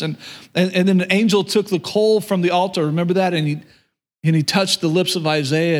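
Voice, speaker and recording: A male pastor with a fairly high voice preaches to a congregation. He speaks earnestly, doubling back on his words, and slips into paraphrasing God's voice. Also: steady tone, a little fast. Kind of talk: sermon. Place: church room with audience.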